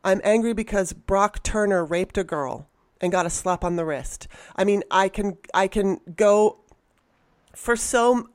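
Woman, casual chat, blunt, animated, swearing, mid pitch. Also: unhurried, dry recording.

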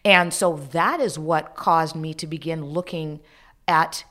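Woman guest with a deep low voice, tells the story lively, does the voices of people she quotes. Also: measured pace. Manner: lively storyteller who acts out quoted dialogue. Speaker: interview guest. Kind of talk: recounting a story in an interview.

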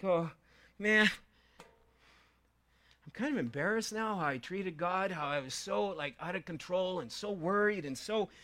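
Bright, high-voiced man preaching a sermon. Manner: conversational storytelling, swings from quiet asides to loud emphasis. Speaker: pastor.

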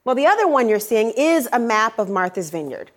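A woman's voice: a little high, big pitch swings, a little fast. Sarcastic middle-aged woman anchoring the news. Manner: pointed and sarcastic, stretching key words. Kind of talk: evening news commentary.

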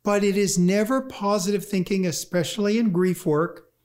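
A grief lecturer giving a talk, speaking conversationally and acting out inner voices in quick asides. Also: medium pitch, fairly even intonation, a little mellow. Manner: conversational, with fillers. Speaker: grief lecturer and workshop leader. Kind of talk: talk on grief and positive thinking.

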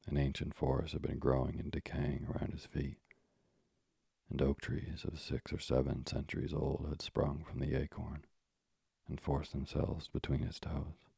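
A man reading a classic tale aloud as a calm, measured bedtime story narrator. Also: a bass voice, vocal fry, slightly rough, dry recording. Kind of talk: slow, soothing sleep-story reading.

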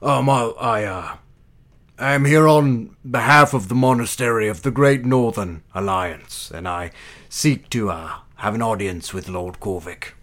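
A man's voice: on the low side, fairly quick, hardly any pauses, natural voice. A man voicing a haughty female monastery envoy, speaking in a pompous, put-on formal accent.

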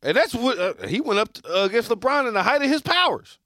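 A man's voice: very high voice, fast talker, no echo, studio quality. A man co-hosting a sports talk show, arguing in a slangy, emphatic way and repeating his points. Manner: animated, slangy, emphatic repetition. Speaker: sports podcast co-host. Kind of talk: casual sports debate.

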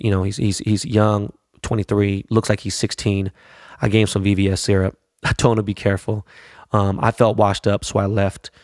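A man's voice: on the low side, creaky, darkish tone, no room sound, clean studio sound. A man chatting casually about his weekend in a slangy, profane, rambling way. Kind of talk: casual chat.

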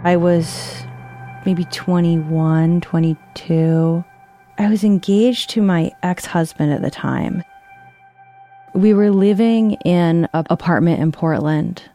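A woman's voice: fairly low pitch, slow pace, mellow, soft background music. A woman telling her own story in a casual, conversational way, with frequent fillers. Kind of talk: personal storytelling.

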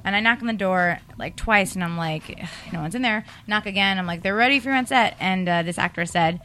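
A woman guest telling animated stories in casual chat, acting out quoted phone calls. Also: fairly low pitch, a little fast, a little hiss or hum.

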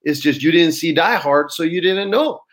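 A man, an actor, telling a story in casual chat, lively and swearing freely as he acts out quotes. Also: a little high, moderate pace, heavy background noise. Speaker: actor guest.

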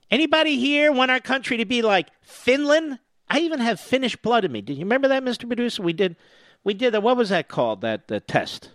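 A man's voice: very high-pitched, very animated, brisk, a bit bright, no room sound, studio quality. An older man from the US East Coast hosting talk radio, sarcastic and combative in a mocking monologue. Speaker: radio talk show host.

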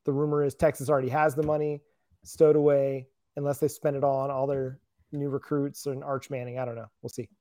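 A man's voice: medium pitch, flat delivery, fairly quick, mellow, no echo, clean studio sound. A man co-hosting a casual sports talk show, laid-back and self-deprecating.

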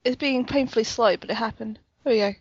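A woman co-hosting a podcast in a relaxed, casual chat, laughing easily. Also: on the high side, fast, husky, no room sound, muffled recording. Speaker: podcast co-host.

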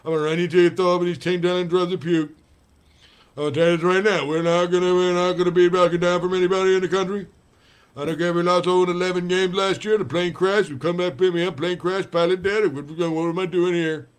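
A man impersonating a gruff old football coach with a lisp, blustering through a fiery pep talk. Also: high voice, flat delivery, fast talker, voice pushed up, close to an everyday voice. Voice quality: lisping, spitting, blustery. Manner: loud, boastful, rambling threats.

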